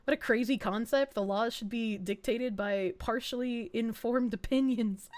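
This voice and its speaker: A young adult woman VTuber streamer giving crude, excitable reaction commentary and laughing often. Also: a little high, slow.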